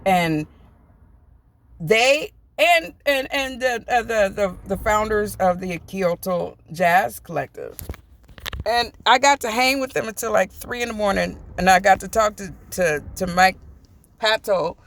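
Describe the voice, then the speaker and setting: A woman from the US telling a personal travel story in a chatty, animated vlog, acting out what people said. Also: mid-range voice, measured pace. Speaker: vlogger. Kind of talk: casual storytime.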